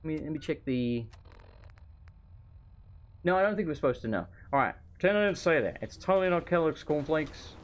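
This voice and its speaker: A man talks his way through a live game stream with a lively, bouncing pitch that swings up and down. He rambles, chats with viewers and trails into asides. He sounds hot and worn from a stuffy room at home. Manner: rambling, chatty, quick asides to chat. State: overheated. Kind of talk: live gameplay commentary.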